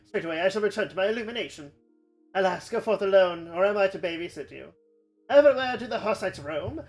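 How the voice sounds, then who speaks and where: A woman's voice: mid-range voice, a little mellow, close to an everyday voice, low-quality recording. Woman doing a prim scolding monk. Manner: scolding archaic.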